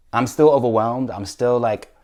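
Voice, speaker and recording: A man's voice: mid-range voice, warm tone. A YouTuber man earnestly telling a heartfelt personal story in a vlog, with frequent restarts.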